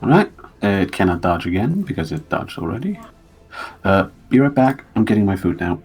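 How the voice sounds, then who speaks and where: A man's voice: fairly low pitch, very animated, brisk, darkish tone, breathy edge, faint music behind. A man running a tabletop game as game master, thinking aloud and counting out moves.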